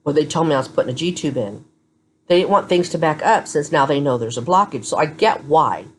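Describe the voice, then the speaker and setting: A woman with a low voice chats to her phone camera from a hospital room. She sounds tired. She tells her story bluntly and candidly, like a vlogger keeping it real. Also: expressive, brisk, slight background noise. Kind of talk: casual chat to camera.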